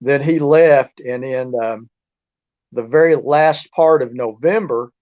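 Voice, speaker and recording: A man tells stories as an interview guest, rambling and restarting his sentences. His voice sits at an ordinary middle pitch. The audio is dull and lo-fi. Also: slow. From southeast Oklahoma. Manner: rambling, with many restarts and fillers. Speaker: guest, researcher and author. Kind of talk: casual storytelling interview.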